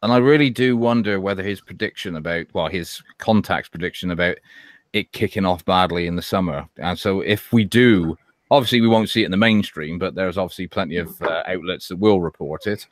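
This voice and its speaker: A man's voice: sits low, normal speed, no echo. A man chatting enthusiastically as a livestream co-host. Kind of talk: casual chat.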